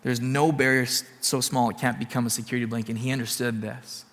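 A man's voice: medium pitch, flat delivery, quick pace, fairly bright tone, long reverb tail. A man preaching a sermon as a pastor, earnest and repeating his points for emphasis.

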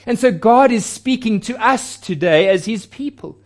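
A man preaching a sermon as pastor, earnest and deliberate, lifting his voice on quoted words for emphasis. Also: sits high, animated.

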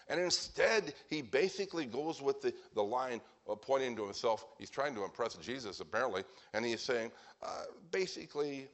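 Male preacher, mid-pitched, emphatic sermon delivery that slips into voiced quotes. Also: normal speed. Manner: emphatic, acts out quoted speakers with a lively voice.

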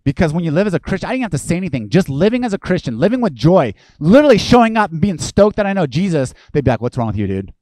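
A male pastor delivering a lively, conversational sermon, acting out the voices of people he quotes. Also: sits high, racing, hardly any pauses, no echo.

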